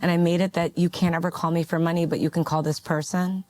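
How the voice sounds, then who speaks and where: A woman's voice: on the low side, flat delivery, fast talker, a little mellow, no room sound. A woman giving a candid talk on money and family, stressing her points emphatically and repeating them. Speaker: guest speaker.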